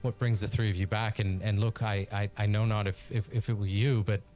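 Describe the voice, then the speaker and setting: A man's voice: on the low side, level tone, fairly quick, darkish tone, faint music behind, lightly acted. A man voicing an anxious male village refugee who stammers and repeats his words nervously. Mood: grateful.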